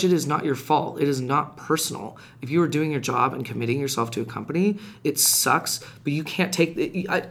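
A man telling a personal story in casual podcast chat, animated and rising in pitch when reliving heated moments. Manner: frequent restarts and fillers, conversational. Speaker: podcast guest.

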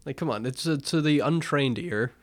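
A man's voice: a little high, normal speed, no room sound. A man co-hosting a casual film podcast, opinionated, often restarting his sentences. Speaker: podcast co-host.

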